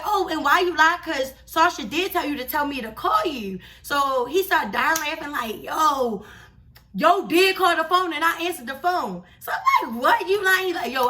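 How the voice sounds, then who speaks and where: A young woman vlogger telling a story in a casual, chatty, slangy and animated way. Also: high-pitched, far from the mic.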